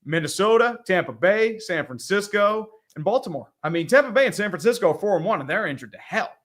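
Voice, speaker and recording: Lively, wisecracking higher-voiced man. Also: quick pace. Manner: wisecracking, reads viewer messages aloud. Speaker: co-host. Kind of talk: casual sports podcast chat.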